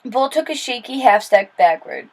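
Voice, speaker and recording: A woman reading a children's novel aloud in steady, plain storytelling with small slips and restarts. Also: on the high side, normal speed, poor audio. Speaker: read-aloud narrator.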